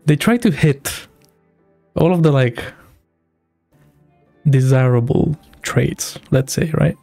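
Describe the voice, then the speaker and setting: A man's voice: mid-range voice, slow, gravelly, dark tone, dry recording, faint music behind. A man who hosts a game reaction video. He rambles casually and uses a lot of filler words.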